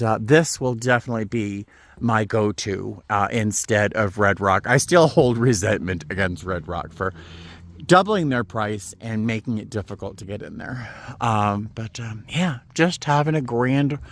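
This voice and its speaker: A man's voice: mid-range voice, a bit bright, no echo. A man chatting casually as he walks and films outdoors on a desert boardwalk, easily delighted and exclaiming often. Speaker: vlogger. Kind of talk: casual walking vlog.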